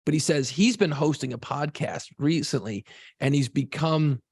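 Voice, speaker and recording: A man co-hosting a podcast, a former radio DJ telling stories in a casual, profane, animated way. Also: on the high side, normal speed, husky, no echo. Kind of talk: casual chat.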